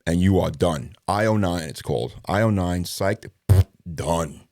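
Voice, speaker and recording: A middle-aged man, a former police detective, telling a story in a casual interview, profane and animated, acting out the dialogue. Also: low voice, measured pace, dry recording, studio quality.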